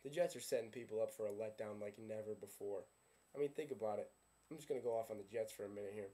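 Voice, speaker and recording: Dark-voiced sarcastic man, football fan rant. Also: fairly low pitch, quick pace. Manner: sarcastic, ranting, keeps asking himself questions. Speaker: sports vlogger.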